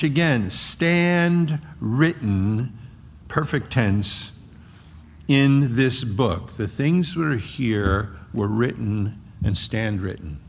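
A pastor preaching an expository sermon, emphatic, with slow drawn-out phrases that surge with intensity. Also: male voice, mid-range voice, gravelly. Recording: muffled hall with long reverb.

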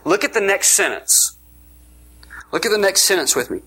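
A male preacher delivering an energetic sermon with a bright, forceful tone and a husky, breathy edge. His pitch sits a little high, and he leans hard on emphatic repetition. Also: normal speed, poor audio. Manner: energetic, emphatic, repeats words.

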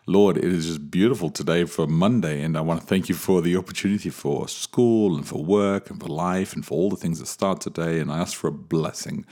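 A man with an English accent co-hosting a devotional podcast, talking quickly and joking, and leading a prayer. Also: sits low, darkish tone. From England. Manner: quick-talking, jokey, laughs easily. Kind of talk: casual chat and prayer.

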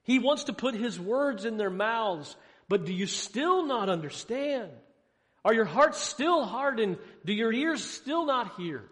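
Male preacher, high register, dramatic questions and hushed drops, in a room with a long echo. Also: animated, unhurried. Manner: asks rhetorical questions, swings between loud emphasis and hushed lows. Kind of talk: sermon. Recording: long hall reverb.

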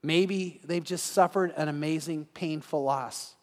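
A male pastor giving an evening sermon in a conversational way, acting out everyday scenes in quick quoted voices. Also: a little high. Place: church sanctuary. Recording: long reverb of a large hall.

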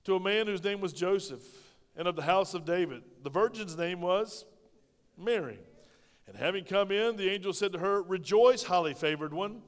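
A pastor delivering a sermon in a high, lifted voice, punctuating points with asides to the congregation. His delivery swings between loud bursts and hushed remarks. The recording carries the long reverb of a large church hall. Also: expressive, moderate pace. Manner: preaching with call-and-response asides, swings between loud and soft. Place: church sanctuary.

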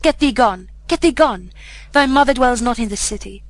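A woman voicing a rough, black-bearded male soldier who mocks harshly in an audiobook reading. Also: a little high, expressive, moderate pace. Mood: scornful. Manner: mocking and harsh.

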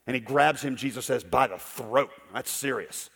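A male pastor preaching a sermon emphatically, swinging between loud declarations and hushed storytelling. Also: mid-range voice, moderate pace, creaky, breathy edge, long reverb tail.

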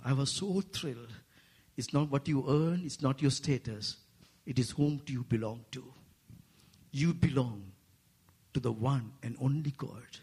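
A man with an Asian accent preaching a sermon to a congregation, making playful asides and lifting his voice high for emphasis. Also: breathy edge. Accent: Asian English. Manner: rising to animated, high-pitched emphasis. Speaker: guest preacher.

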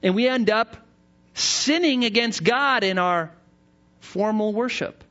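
A man preaching a sermon in an animated, dramatic way, building emphasis as he goes. The recording sounds dull and lo-fi. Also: high-pitched, slow. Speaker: pastor.

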